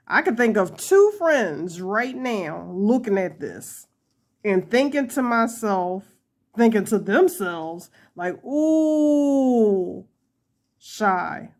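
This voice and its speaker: A young woman hosting a casual crochet tutorial, chatty and laughing often as she talks to her viewers. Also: medium pitch.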